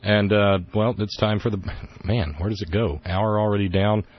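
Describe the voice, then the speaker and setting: A man's voice: on the low side, fairly even intonation, normal speed, lo-fi sound. A man hosting a talk radio show, with wry, rambling opinion talk and sarcastic asides, at a studio microphone.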